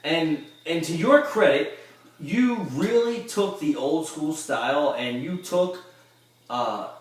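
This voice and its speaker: A man's voice: on the high side, animated, slow pace. A man hosting a casual interview podcast, asking long, eager questions. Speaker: podcast host. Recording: echoey room, distant mic.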